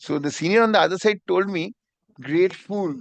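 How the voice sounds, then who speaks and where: Lawyer guy talking fast in court, high gravelly voice, keeps saying my lord. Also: fairly bright tone, no echo. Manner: deferential, repeats "my lord" constantly. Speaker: advocate. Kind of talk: courtroom argument.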